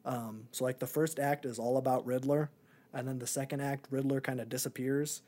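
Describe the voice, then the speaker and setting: A man's voice: mid-range voice, level tone, normal speed, mellow. A young man and podcast co-host in a casual movie review chat, rambling with many ums and likes.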